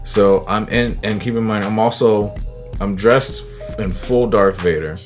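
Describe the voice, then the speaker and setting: Deep-voiced man telling a story over guitar. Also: measured pace. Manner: animated, acts out the people he quotes. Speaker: YouTuber telling a personal story. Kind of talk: casual storytelling. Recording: guitar music under the voice. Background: guitar music.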